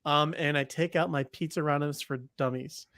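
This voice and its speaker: A man playing in a comedy tabletop game, jokey and quick to shout out ideas. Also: on the high side, steady tone, no echo, studio quality. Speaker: player.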